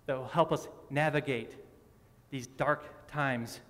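A man's voice: medium pitch, steady tone, takes it slowly, fairly bright tone. A man preaching a sermon as a pastor. He asks rhetorical questions and drives his points home by repeating phrases. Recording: long reverb of a large hall.

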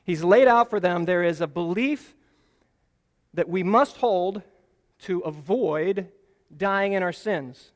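High-voiced preacher in a reverberant hall. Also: male voice, slow pace, long pauses. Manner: earnest, explanatory, lands key phrases with emphasis. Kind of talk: Bible teaching sermon.

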